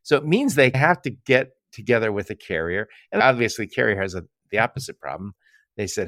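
Speaking briskly, this Michigan man hosts a casual podcast in a fairly low, fairly bright voice with lively intonation. He spins stories, performs quoted back-and-forths, and laughs frequently, all in a dry, studio-quality recording.

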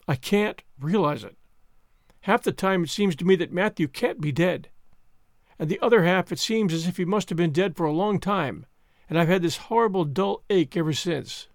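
A man's voice: high-pitched, animated, moderate pace, no room sound. A man reading the part of an earnest, heartfelt orphan girl in grief, in a dry, close recording. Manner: earnest, tearful pleading.

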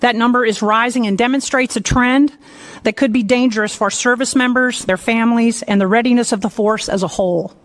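Female senior officer, slightly higher voice, formal prepared testimony, measured delivery. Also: steady tone.

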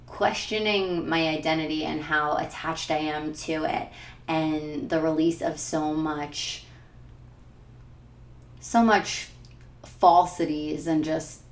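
Slow, low-voiced woman reflecting aloud. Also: reverberant. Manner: candid, searching, with fillers and self-questioning. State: tearful at times. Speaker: podcaster. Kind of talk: personal reflective monologue.

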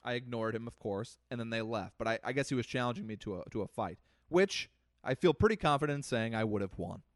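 Animated male podcast storyteller, dry sound. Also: mid-range voice, fast talker, no echo. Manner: animated storyteller, swings loud and soft. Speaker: podcast co-host. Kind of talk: casual chat, comic storytelling.

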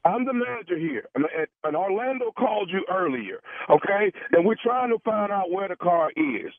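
A man's voice: high-pitched, sing-song, moderate pace, no room sound. Man on a tinny phone line, stammering. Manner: pleading, stammering act of a flustered manager. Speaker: radio prank caller. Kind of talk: prank phone call.

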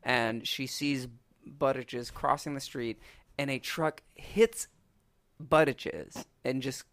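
A man on a podcast, rambling through a long joke and acting out the characters in quick quoted voices. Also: medium pitch, a bit bright, dry recording. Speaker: podcast co-host. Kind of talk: casual chat, retelling a movie and a joke. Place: podcast recording setup.

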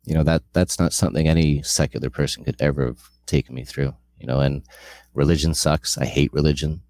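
A man's voice: rumbling low, steady tone, fairly quick, darkish tone, dry recording. A middle-aged man sharing a candid personal testimony, earnest and rambling with frequent restarts.

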